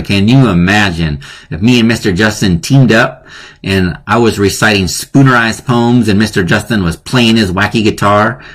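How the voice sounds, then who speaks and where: A man teaches a live online class in a chatty, playful way, and he often laughs at his own jokes. His voice sits at a middle pitch and comes through a computer mic on the stream. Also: fairly bright tone. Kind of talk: live-streamed lesson on wordplay.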